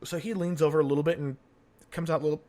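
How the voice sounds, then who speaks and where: A man's voice: fairly high pitch, fairly even intonation, racing, warm tone. A man hosting a podcast, telling jokes in casual chat and laughing at his own punchlines. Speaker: podcast host.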